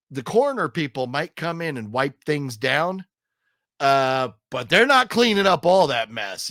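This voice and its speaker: A man hosting a casual movie review, talking in an animated, profane way and acting out scenes in mocking voices. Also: medium pitch, no echo, studio quality. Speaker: film reviewer, podcast host.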